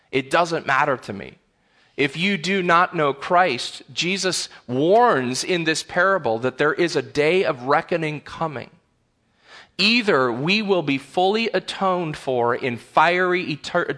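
A man's voice: fairly high pitch, a bit bright. A pastor preaching an earnest, emphatic sermon in a church, often repeating words as he builds a point. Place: church sanctuary.

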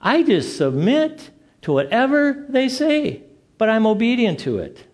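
Unhurried and extremely high in pitch, this middle-aged pastor brings his sermon's stories to life by performing each character's lines.

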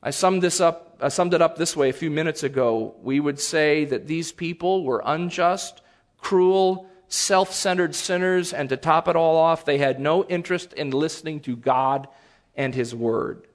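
A man preaching a sermon as a pastor, earnest and animated, with sudden loud bursts. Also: a little high, unhurried.

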